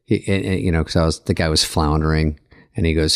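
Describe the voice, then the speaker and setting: A man's voice: low-pitched, quick pace, clean tone. A middle-aged man co-hosting a podcast, telling stories in a dry, sarcastic way and acting out other people. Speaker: podcast co-host. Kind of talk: casual anecdote telling.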